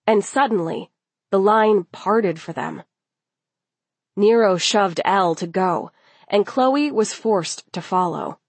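A woman reading a story aloud as narrator, in a steady, unhurried way. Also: mid-range voice, breathy edge, no room sound.

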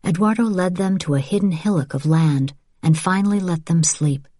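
A woman reading a novel aloud as an audiobook narrator, in even, measured storytelling. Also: fairly low pitch, no room sound, studio quality. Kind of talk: scripted narration.

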